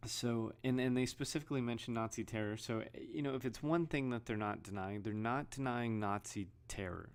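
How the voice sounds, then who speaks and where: A man's voice: medium pitch, brisk, few pauses, clean tone. A man giving casual, rambling video commentary, often restarting and reading headlines aloud. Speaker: vlogger.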